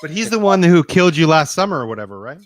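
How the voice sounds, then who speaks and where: A man's voice: on the high side, sing-song, no room sound, faint music behind. A man co-hosting a casual podcast stream, steering the chat through a game-character bracket. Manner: steers the talk, quick bursts then trailing off. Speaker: podcast co-host running the bracket.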